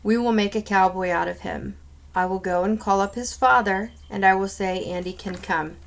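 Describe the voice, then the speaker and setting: A woman's voice: mid-range voice, normal speed, vocal fry, natural voice. A woman reading aloud, voicing a big, friendly male cowboy rancher in a hearty, plain-spoken way.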